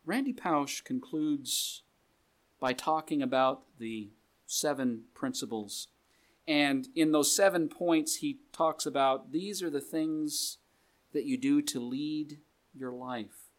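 A man's voice: fairly high pitch, slow pace. Conversational male preacher reading scripture in a meeting room, easy joking tone. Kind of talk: sermon.

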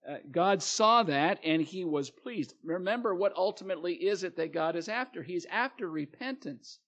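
A man's voice: sits high, lively intonation, normal speed, fairly bright tone. A male preacher reading scripture aloud and explaining it in a plain sermon, with fillers and restarts.

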